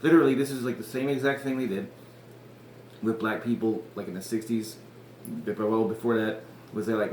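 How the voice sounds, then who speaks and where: A man's voice: lowish voice, steady tone, fairly quick, a little mellow. A man hosting a podcast, recapping an episode in casual chat, rambling, swearing and laughing often. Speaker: podcast host. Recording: echoey room with faint noise.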